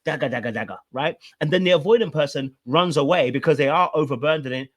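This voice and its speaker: A man's voice: on the high side, expressive, quick pace, hardly any pauses. A man, a relationship coach, commenting on a played clip and explaining with repeated rhetorical questions.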